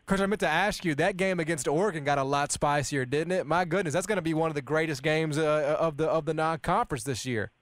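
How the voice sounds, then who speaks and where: A man's voice: a little high, fast, few pauses. A man hosting a sports talk radio show, speaking energetically and conversationally. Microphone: studio mic.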